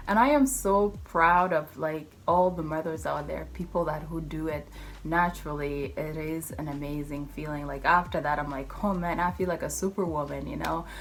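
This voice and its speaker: A woman's voice: low voice, steady tone, moderate pace. A young woman telling a personal story in a casual vlog. She acts out the voices of the people in her story and speaks loosely worded English. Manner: English not fully fluent, loose grammar. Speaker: vlogger.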